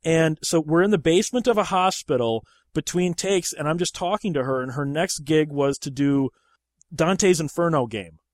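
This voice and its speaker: A man's voice: fairly high pitch, normal speed, no echo, studio quality. A man hosting a podcast, chatting casually about movies, rambling and swearing freely. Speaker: podcast host.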